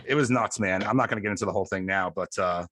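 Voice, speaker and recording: A man with a Long Island accent, hosting a podcast in a loose, excitable way and swearing freely. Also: fairly low pitch, very fast. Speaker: podcast host. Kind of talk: casual chat.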